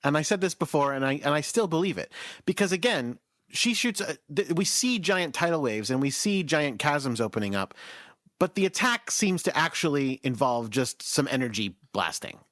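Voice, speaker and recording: Male podcast co-host, lively up-and-down delivery, slightly higher voice, rambling recap, close dry sound. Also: moderate pace, no room sound. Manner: rambling, self-correcting, lively storytelling. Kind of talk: casual chat recapping an episode.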